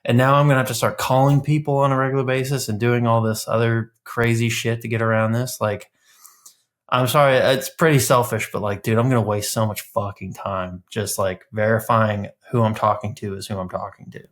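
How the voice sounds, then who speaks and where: A man hosting a tech podcast, talking in an animated, casual way and swearing freely. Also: medium pitch, brisk. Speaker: podcast host. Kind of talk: casual chat.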